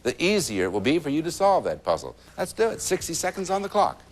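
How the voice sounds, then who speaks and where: A man's voice: on the high side, wildly swooping pitch, fast talker. A man hosting a TV game show, chatty and teasing with contestants. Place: TV studio. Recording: noisy 1980s TV tape with studio audience.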